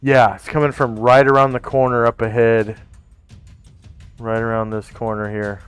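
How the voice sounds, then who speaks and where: A man's voice: mid-range voice, flat delivery, moderate pace, smooth, soft background music. A man narrating as game master of a tabletop game in a laid-back, descriptive way.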